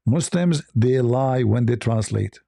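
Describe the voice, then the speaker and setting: A man's voice: mid-range voice, animated, slow pace, creaky, dark tone, no echo, clean studio sound. Combative, sarcastic male debater. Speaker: online debater. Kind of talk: mocking commentary.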